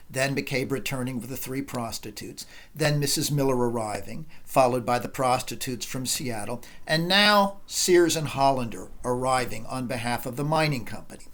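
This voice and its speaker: A man, a film professor, giving a measured, analytical classroom lecture. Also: mid-range voice, a bit bright.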